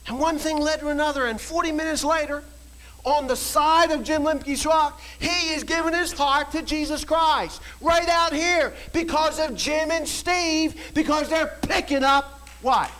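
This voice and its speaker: A man preaching a sermon, telling a story and swinging from quiet storytelling to shouted exhortation. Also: extremely high pitch, measured pace, low-quality recording. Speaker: pastor.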